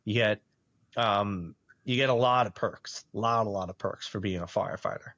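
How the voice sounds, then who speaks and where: A podcast host with a fairly low voice tells a personal story at a normal speed, with no echo in the recording. It's casual storytelling, and he's animated, laughing often and acting out the voices of people he quotes.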